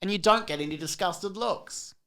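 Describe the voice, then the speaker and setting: A woman's voice: fairly low pitch, normal speed, a bit bright. A woman in her thirties co-hosting a casual comedy podcast, reading silly puns with playful, jokey emphasis. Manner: joking, reads corny puns with playful emphasis. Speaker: podcast co-host.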